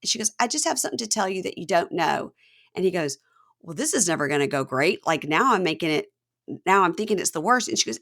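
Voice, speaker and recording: A woman hosting a chatty podcast, her voice sitting a little low. She retells scenes with lively acted-out quotes. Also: quick pace, vocal fry. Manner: animated retelling, acting out the people in the scenes. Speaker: podcast host. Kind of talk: casual chat, recapping a reality show.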